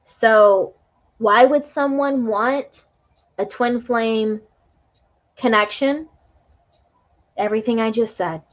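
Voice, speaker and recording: A woman's voice: fairly high pitch, slow pace, pauses often, muffled recording. A woman tarot reader talking earnestly and emotionally to viewers of a live stream, often tagging on "right?".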